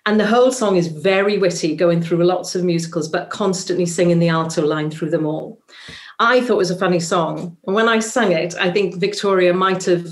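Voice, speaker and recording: In a relaxed interview, an actress from the Welsh musical theatre world recounts an anecdote, umming frequently as she goes. She talks briskly, in a voice that sits on the low side.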